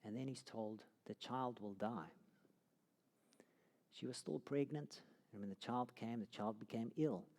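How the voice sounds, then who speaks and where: A man's voice: mid-range voice, normal speed, creaky, mellow. A man teaching a Bible course, telling the story dramatically and sinking to a near whisper at key moments. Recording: long hall reverb.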